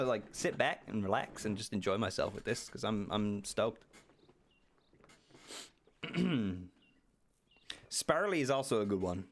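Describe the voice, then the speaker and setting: A man's voice: fairly low pitch, animated, a little slow, pauses often, soft background music. A young man casually streaming a game, playful, with silly asides and voices. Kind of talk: casual let's-play commentary.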